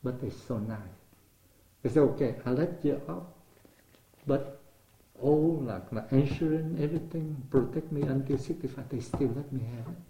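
Here an older man from Vietnam, interviewed in a room with noticeable echo, talks through his life in English, his second language, with a Vietnamese accent. His voice is warm and medium-pitched at a moderate pace, and he voices past conversations and repeats words as he hunts for the right ones.

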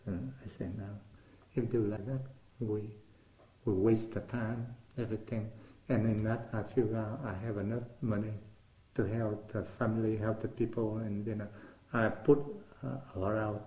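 A man's voice: on the low side, little pitch movement, normal speed, dark tone. An older man from Vietnam with a Vietnamese accent, speaking English as a second language. He tells his life story in conversation, acting out remembered dialogue and repeating words as he searches for them. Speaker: interviewee. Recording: roomy echo.

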